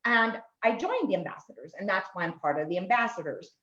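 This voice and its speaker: An animated woman talks frankly and rambles on a webinar panel, her voice at a middle pitch. The video call sound is dull and muffled, and it echoes in the room. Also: fairly quick. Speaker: panelist, committee member. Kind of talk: casual panel talk.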